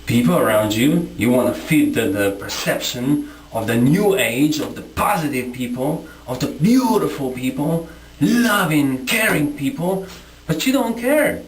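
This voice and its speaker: Male vlogger, combative rant to camera, lively swinging pitch, echoey room. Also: unhurried. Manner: confrontational, repetitive, rhetorical questions. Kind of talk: impassioned monologue to camera.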